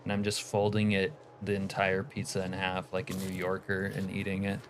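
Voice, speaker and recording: A man's voice: low-pitched, completely flat delivery, normal speed, a little hiss or hum. A young man streaming a game, chatting casually and rambling through answers to his chat. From United States. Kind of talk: casual livestream chat while gaming.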